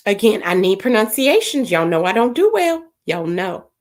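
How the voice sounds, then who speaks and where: A woman's voice: mid-range voice, very animated, normal speed. A woman, hosting a casual livestream and reading viewer comments aloud, laughing often and puzzling over unusual names.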